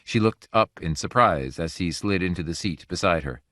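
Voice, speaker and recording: A man reading a short story aloud in a measured, even audiobook narration. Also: deep voice, no echo, studio quality. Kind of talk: scripted narration.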